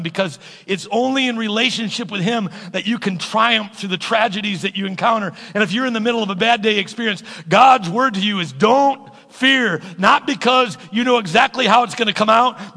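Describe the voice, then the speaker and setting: A male pastor preaches with emphatic call-and-response energy. His voice is high, bright and gravelly. The sound carries a long reverb from a large sanctuary. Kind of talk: sermon.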